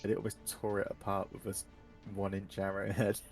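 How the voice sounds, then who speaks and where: A man narrating as dungeon master of a tabletop game, relaxed and descriptive, with frequent ums. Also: lowish voice, fairly quick, gravelly, faint music behind.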